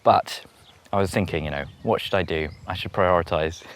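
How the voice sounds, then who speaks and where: A man's voice: low voice, moderate pace. A man talking casually to camera as he tours his outdoor allotment, chatty and rambling and laughing often, recorded on a handheld camera. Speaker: allotment vlogger. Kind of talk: casual talk to camera while touring a garden plot.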